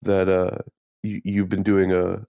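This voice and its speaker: A man co-hosting a comedy podcast, teasing his friends with crude deadpan banter and steering the questions. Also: deep voice, unhurried, vocal fry, clear, resonant tone. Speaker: podcast co-host.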